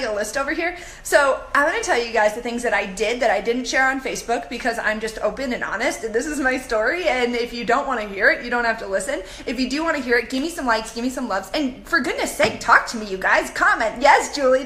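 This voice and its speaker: Bubbly woman in her 30s doing a live chat, high bright voice, echoey room w/ faint hiss. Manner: bubbly, animated storytelling, reads comments aloud. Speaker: coach hosting a live video. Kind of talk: live-stream chat to viewers.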